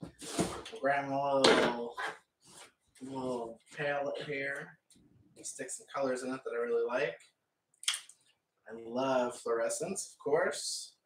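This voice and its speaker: A man's voice: medium pitch, steady tone, slow, pauses often, noisy background. A man chatting casually and rambling as he paints, with frequent laughs. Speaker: painting vlogger. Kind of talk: casual chat while painting. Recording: echoey room, mic far off.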